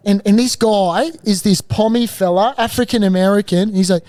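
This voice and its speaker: A man co-hosting a podcast, telling a long story in a lively, laughing, sweary way. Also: sits high, normal speed. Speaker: podcast co-host. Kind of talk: casual storytelling chat.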